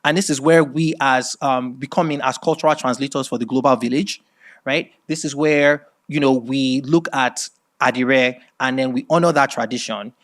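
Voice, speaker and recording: A middle-aged man from Nigeria with a Nigerian accent, giving a masterclass lecture as animated storytelling and often checking in with "right?". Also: mid-range voice, normal speed. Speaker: speaker at a masterclass.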